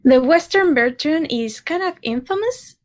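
A woman in casual podcast chat, speaking in a measured way with hesitant fillers and wry exasperation. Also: sits high, lively intonation. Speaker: podcast co-host.

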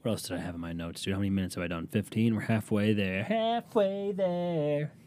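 Young male solo podcaster, low mellow voice, crude self-mocking rambler. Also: steady tone, rapid-fire, a little hiss or hum. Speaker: podcast host. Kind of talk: solo comedic podcast monologue. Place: small room at a desk, recording alone. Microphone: desk microphone.

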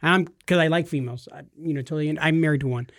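A man's voice: on the high side, racing, fairly bright tone, no room sound, studio quality. A man co-hosting a casual gaming podcast, teasing his partner and cheering him on with playful enthusiasm. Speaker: podcast co-host.

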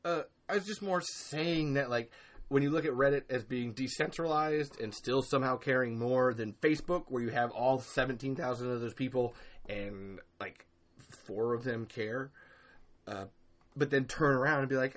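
Bright-voiced ranting podcast man. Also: normal speed. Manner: profane, ranting, acts out quoted people in loud high bursts. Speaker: podcast host. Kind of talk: casual podcast chat.

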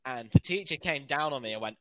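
A young man in casual chat, joking and teasing with quick comebacks. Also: mid-range voice, expressive, fairly bright tone, no room sound, poor audio. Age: young adult.

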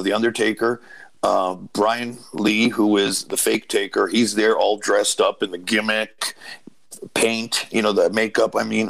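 A gravelly, creaky man in his fifties, a native Portuguese speaker, tells a long rambling tale as an interview guest. His voice sits a little low, and his delivery is full of fillers and asides. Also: poor audio. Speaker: guest, former wrestler. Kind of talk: casual storytelling.

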